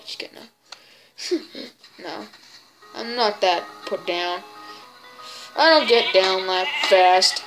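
A woman giving excitable gameplay commentary in a put-on silly voice, full of exclamations. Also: mid-range voice, slow pace, long pauses. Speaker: gaming video creator. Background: game music.

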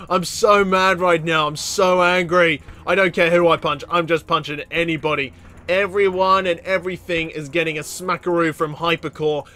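Bright, high-voiced excitable gamer man. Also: faint music behind. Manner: excitable, quick to laugh, bursts of loud exclamations. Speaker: gaming channel host. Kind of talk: excitable gameplay commentary.

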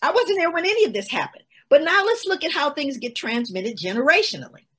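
A woman's voice: high voice, big pitch swings, a little fast, fairly bright tone. A woman, giving an emphatic, storytelling talk as a guest speaker on a webinar. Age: 60s. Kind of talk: lecture-style webinar talk.

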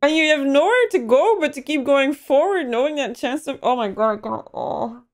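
A woman's voice: high-pitched, animated, normal speed, slight background noise. A young woman giving a first-time movie reaction, emotional and given to gasps and exclamations.

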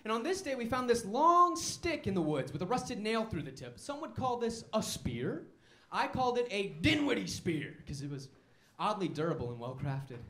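A male stand-up comedian telling wry, self-mocking stories on a comedy club stage. His bright, sharp voice rises and falls with lively swings in pitch. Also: moderate pace, few pauses, roomy sound.

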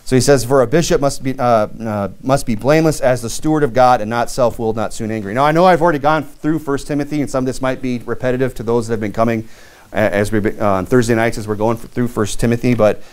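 A man's voice: medium pitch, fast talker, clean tone. A man preaching a sermon as pastor in a church, reading scripture aloud and talking plainly with frequent restarts.

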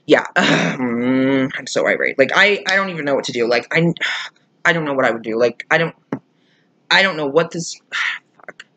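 A YouTuber telling a storytime vlog while irate and upset, swearing a lot and swinging from loud outbursts to quiet muttering. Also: medium pitch, expressive, normal speed, long pauses.

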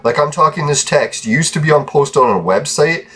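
A man's voice: a little high, lively intonation, moderate pace, fairly bright tone, husky. A young man giving profane, frustrated commentary over his gameplay, breaking into laughs. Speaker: game video creator.

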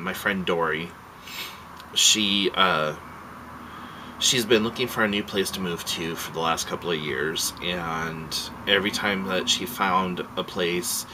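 A man's voice: deep voice, noisy background. A man vlogging a casual rant, rambling and heartfelt, swearing freely and emotional as he tells his story.

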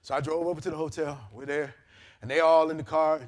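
A male pastor, preaching a storytelling sermon to his congregation. He tells the story with lively character voices and laughter. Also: on the high side, quick pace. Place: church service in a hotel venue. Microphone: handheld or lapel mic.

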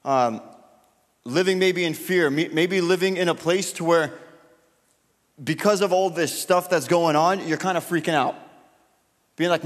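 A youth pastor, a young man with a slightly high voice, gives a casual sermon and prayer in a church hall. He speaks at a moderate pace with long pauses, loose and chatty with plenty of fillers. A long reverb tail trails his words.

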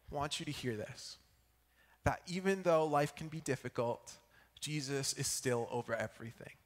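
A young man giving a sermon at church, telling a personal story in a lively way and checking in with the audience as he goes. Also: on the high side. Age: young adult. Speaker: student preacher. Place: church hall. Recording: echoey church hall.

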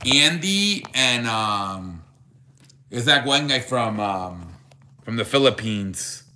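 Chatty male sports streamer, bright voice. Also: mid-range voice, expressive, slow pace. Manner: chatty, greets viewers by name, reads chat aloud; repeats "I beg your pardon" as a running joke. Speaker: live stream host. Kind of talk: casual live chat with viewers.

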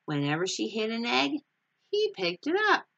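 A woman teacher reading a picture book aloud with expressive storytelling. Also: a little high, normal speed, gravelly, dull audio.

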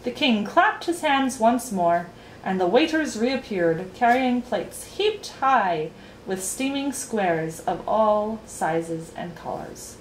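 A woman reading a children's novel aloud in an expressive storytelling voice. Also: medium pitch, takes it slowly, a little hiss or hum. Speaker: reader. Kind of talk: storybook read-aloud narration. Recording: roomy echo, faint ambience.

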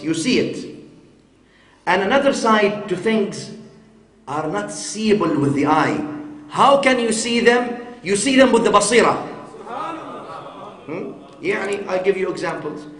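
A man's voice: high-pitched, a bit bright. A man giving a sermon-style lecture as a shaykh, teaching with frequent rhetorical questions and Arabic phrases. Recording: echoey hall recording.

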